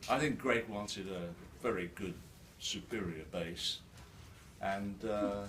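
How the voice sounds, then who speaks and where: Older man, slow halting talk, distant. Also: fairly low pitch, fairly bright tone. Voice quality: slightly slurred from a new denture. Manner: halting, many restarts and fillers. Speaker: guest speaker. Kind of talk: live storytelling talk. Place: event hall with an audience. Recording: distant mic in a noisy room.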